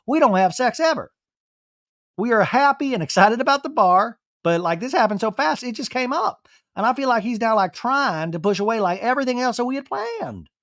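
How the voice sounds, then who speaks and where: A man's voice: extremely high pitch, very animated, brisk, fairly bright tone, no room sound, clean studio sound, voice pushed up, full character voice. A man voicing an emotional young woman from a reality show, with a whiny, drawling delivery. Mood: upset.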